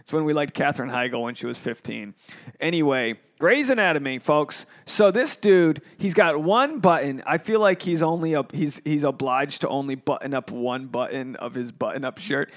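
A man's voice: medium pitch, normal speed. A man hosting a podcast, telling jokey, profane stories in a rambling, casual way, recorded at a holiday resort. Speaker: podcast host, comedian.

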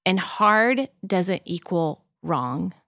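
A woman's voice: fairly low pitch, animated, extremely slow, creaky, fairly bright tone, no echo, clean studio sound. A woman talking candidly as a podcast guest, earnest and chatty, with a lot of "like" in her speech. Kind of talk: reflective casual conversation.

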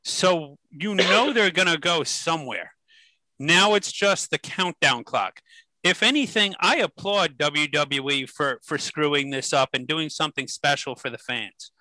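Man, podcast co-host, casual chat, questioning tone, high-ish pitch, dry close sound. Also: measured pace, pushed and bright, no echo, low-quality recording. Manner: questioning, builds his point.

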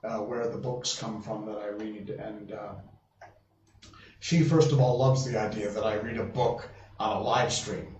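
A man's voice: on the low side, steady tone, unhurried, darkish tone. A man hosting a live stream in casual chat, rambling, restarting his sentences and reading viewer comments aloud. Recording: roomy, distant, dull lo-fi sound with faint noise.

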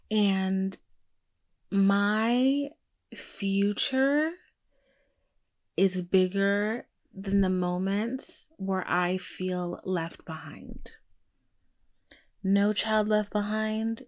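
A woman's voice: mid-range voice, slow. A young woman hosting her own podcast, talking candidly and bluntly with plenty of swearing. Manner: blunt, profane, emotional and confiding. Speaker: podcast host. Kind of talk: candid solo podcast monologue.

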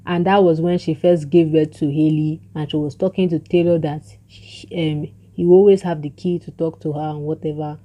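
Excitable woman recapping a show. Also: sits low, normal speed, few pauses, dull audio. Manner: excitable, acts out characters' lines. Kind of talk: casual plot recap.

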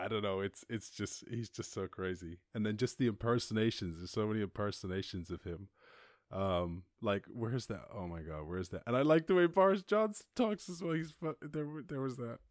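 A man from Ireland hosting a casual livestream chat, rambling, animated and laughing often as he talks. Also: on the low side, no echo, studio quality. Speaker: host.

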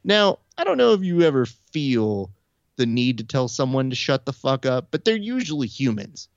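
A young adult man telling a story in casual chat, animated, acting out quoted lines with shifts in pitch. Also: moderate pace, no room sound, lo-fi sound. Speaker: podcast host. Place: Burbank area.

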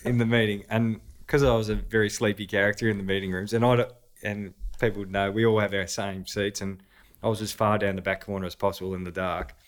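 A man with an Australian accent, a podcast guest telling lively anecdotes in casual conversation, laughing often. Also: fairly low pitch, brisk. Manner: animated anecdotes punctuated by laughter. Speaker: podcast guest, former footballer.

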